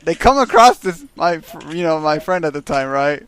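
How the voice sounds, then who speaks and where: A man's voice: a little high, sing-song, normal speed, fairly bright tone, clean tone. A man telling a rambling, profanity-heavy story on a stream. He keeps checking in with his listeners by asking "right?". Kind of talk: casual storytelling.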